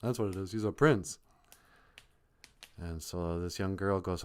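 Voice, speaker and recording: Hosting a live stream, a man tells a comic folk tale in a rambling, off-the-cuff, joking way. His low voice is clean in tone and a little slow, and he pauses often.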